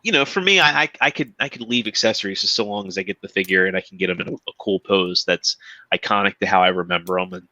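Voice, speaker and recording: A man's voice: low voice, quick pace, pushed and bright, dry recording, highs cut off. A man co-hosting a podcast, chatting casually about his toy collection, rambling and restarting his sentences often. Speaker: podcast co-host. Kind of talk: casual chat.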